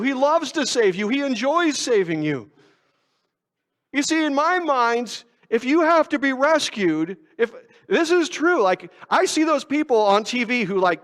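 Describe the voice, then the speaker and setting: A pastor with an extremely high, somewhat bright voice preaches in a church sanctuary thick with long reverb. He keeps it conversational and self-deprecating, tossing rhetorical questions at the congregation.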